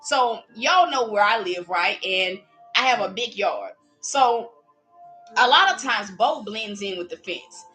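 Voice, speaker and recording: A woman preaching in a lively, casual way, acting out little voices as she speaks. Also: medium pitch, unhurried, soft background music, low-quality recording. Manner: animated, playful, acts out voices while preaching. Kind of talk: livestreamed preaching.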